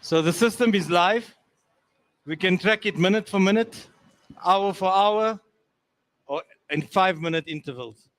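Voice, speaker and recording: Man, landlord, outdoor welcoming speech, halting with restarts, higher voice. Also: a bit bright, no echo. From South Africa. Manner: halting, with frequent restarts and fillers. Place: outdoors at a mall event.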